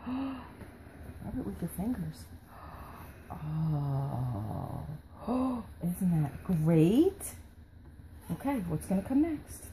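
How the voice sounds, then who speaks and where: Mom reading a baby book at home, high lively voice, real slow, lots of little gasps and whispers. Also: female voice, a little hiss or hum, rough recording. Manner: gasping, whispery, playful baby talk. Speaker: mother.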